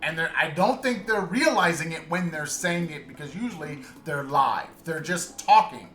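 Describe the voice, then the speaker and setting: A man's voice: a little high, expressive, normal speed, fairly bright tone, echoey room, soft background music. A man co-hosting a podcast, talking casually and earnestly, often restarting while he searches for the right words. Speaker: podcast co-host. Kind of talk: casual chat.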